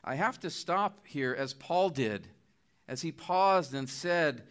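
Bright-voiced earnest middle-aged man preaching. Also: a little high, lively intonation, slow. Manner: earnest, pleading appeals with rising emphasis. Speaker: guest preacher. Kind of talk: sermon.

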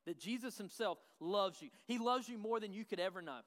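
A man's voice: sits high, a little fast, fairly bright tone. A man preaching a sermon as pastor, emphatic and repeating his key phrases. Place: church sanctuary. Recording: long reverb of a large hall.

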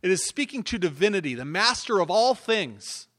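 A man preaching a sermon as pastor, dropping to hushed asides and then rising to emphatic, louder points. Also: high voice, sing-song, normal speed. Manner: emphatic preaching, swinging between hushed and loud.

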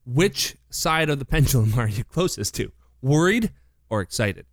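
A man's voice: medium pitch, sing-song, normal speed, no echo, studio quality. A man co-hosting a radio show, chatting casually on air with playful, teasing banter.

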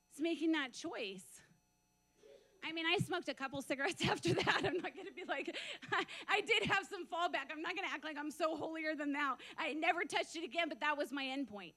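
A woman delivering a sermon testimony in a high-pitched voice. Her tone is bright and sharp. She tells it as a lively story, breaks into frequent laughs and acts out the dialogue. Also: moderate pace. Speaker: preacher giving a testimony.

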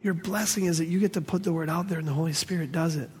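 A man preaching a sermon as pastor, telling a story with lively quoted voices. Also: fairly high pitch, quick pace, breathy edge. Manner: storytelling, animated quoted voices, laughing audience.

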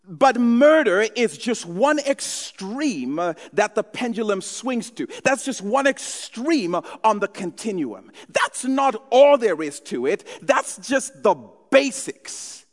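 Animated man preaching a sermon. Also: high voice, slow, hardly any pauses, in a large hall. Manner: storytelling, animated. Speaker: pastor.

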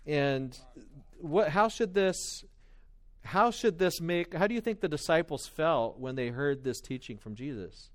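A man's voice: fairly high pitch, expressive, a little slow. A middle-aged man preaching a sermon as pastor, telling stories in a conversational, self-deprecating way.

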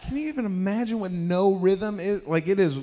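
A young man with a fairly high voice works through a rambling, self-deprecating stand-up set, now and then breaking into loud put-on voices. His mic picks up a live room with a long, ringing reverb behind him. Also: normal speed. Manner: rambling, self-deprecating, acts out characters loudly. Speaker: stand-up comedian. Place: live comedy venue.

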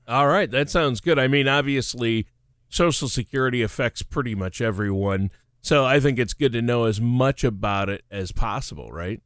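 A man's voice: medium pitch, moderate pace, a bit bright, dry recording, clean studio sound. A middle-aged man co-hosting a finance talk show, telling stories in a chatty way and laughing often. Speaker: radio show co-host. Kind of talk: casual chat.

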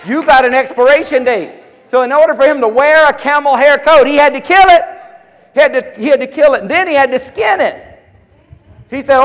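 Fervent high-voiced male preacher. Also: a little fast. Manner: fervent, emphatic, repeats phrases, calls out to listeners. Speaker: pastor. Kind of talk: sermon. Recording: long hall reverb.

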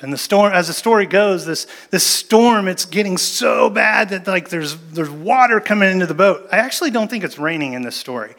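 A man with a fairly high voice preaching a sermon. He tells the story with energy, jumping into acted-out lines from the people in it. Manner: animated storytelling with acted-out quotes. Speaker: pastor.

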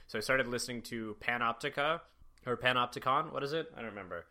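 Young male podcast host, very bright, forward voice; loose, rambling, laughs a lot. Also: medium pitch, fast. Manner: rambling, laughs often, many fillers. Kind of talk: casual chat.

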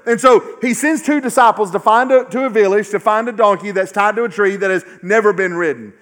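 A male pastor preaching a sermon in a church. He speaks emphatically, repeats key lines and often lets phrases fall away to a low, quiet finish. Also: a little fast.

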